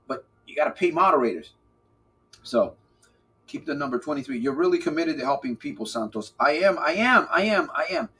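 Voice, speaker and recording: A man hosting a live podcast as a recovery coach, talking casually to his chat in an animated, playful way and repeating phrases for emphasis. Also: fairly high pitch, moderate pace, husky. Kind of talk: live-stream talk, answering chat.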